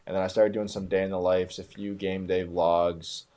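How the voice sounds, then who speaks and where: Young man, very low voice, laid-back and filler-heavy, guesting on a call-in podcast. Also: flat delivery, moderate pace, mellow. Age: young adult. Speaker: guest, content creator. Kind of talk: casual podcast chat. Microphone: remote call.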